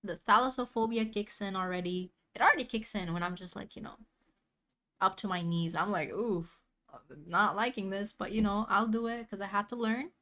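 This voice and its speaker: A woman's voice: mid-range voice, fairly even intonation, normal speed, pushed and bright. A young woman chatting casually as she reacts to a video, rambling in slang and laughing often.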